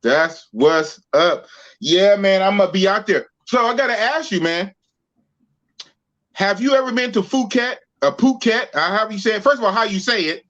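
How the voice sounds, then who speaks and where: A man from Oakland, California, hosts a podcast with slangy, playful casual chat. His voice sits notably high. The stream audio is dull and muffled. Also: animated, moderate pace, pushed and bright. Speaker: podcast host.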